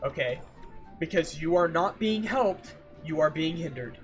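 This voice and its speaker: A man streaming and chatting casually with viewers, ranting in an animated, exasperated way and repeating himself for emphasis. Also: fairly high pitch, measured pace, soft background music. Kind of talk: casual livestream chat with viewers.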